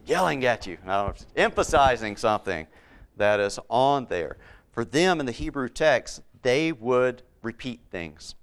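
A man's voice: on the low side, clean tone. A man preaching a Bible-teaching sermon, repeating key words for emphasis and putting questions to his listeners.

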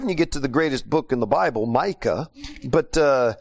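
A man preaching a sermon and telling a mission story, animated and prone to restarts. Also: medium pitch, brisk, creaky. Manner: animated, acts out quotes, many restarts and fillers.

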